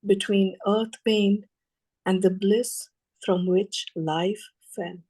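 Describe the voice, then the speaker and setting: Slow, mellow woman reading poetry. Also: mid-range voice, fairly even intonation, slightly rough, low-quality recording. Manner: measured, many pauses between phrases. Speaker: student reader.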